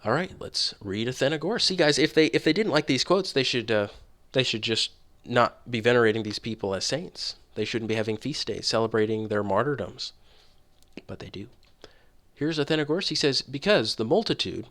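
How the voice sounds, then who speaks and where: A man reading early writings aloud and commenting on them in an emphatic way, slowing down and pushing hard on key words. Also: mid-range voice, lively intonation, fairly bright tone. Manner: emphatic, rising on key words, slows down for stress. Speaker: online religious commentator.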